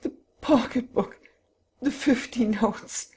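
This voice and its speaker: A man's voice: extremely high pitch, slow pace, a little mellow, slightly rough, voice pushed up, exaggerated voice. A man voicing a bewildered, meek husband in a storybook reading, stammering and moaning. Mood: panicked.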